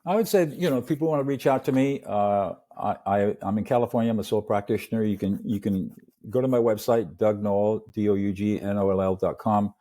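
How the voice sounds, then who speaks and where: An older man, a mediator and podcast guest, telling stories in an earnest, animated way and acting out little scenes. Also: on the low side, a little fast. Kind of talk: storytelling interview talk.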